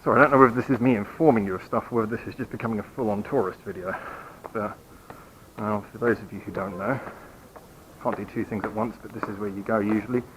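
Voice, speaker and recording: A man's voice: lowish voice, quick pace, background noise. A man hosting his channel, giving a rambling, apologetic update while walking outdoors at night and filming on a handheld camera, hiccuping now and then. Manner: rambling, apologetic, self-mocking. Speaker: channel host. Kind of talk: casual walking vlog update. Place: quiet city street at night, outdoors.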